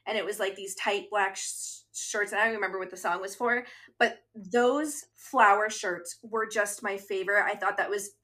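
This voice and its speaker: Bright, chatty woman in her thirties. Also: mid-range voice, steady tone, moderate pace. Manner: earnest and chatty, reads episode summaries aloud. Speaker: podcast co-host. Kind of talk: casual chat.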